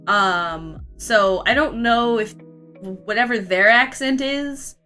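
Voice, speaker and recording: A woman's voice: a little high, slow pace, pushed and bright, soft background music. A young woman from Florida with a vaguely Southern accent, rambling and laughing as she chats casually with her stream while drawing. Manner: rambling, giggly, chatty.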